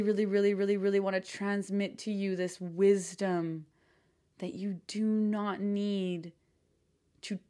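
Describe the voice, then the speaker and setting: A woman's voice: mid-range voice, darkish tone. Effusive, swearing woman podcast coach. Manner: effusive, swears casually, lots of "like" fillers. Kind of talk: excited solo podcast talk.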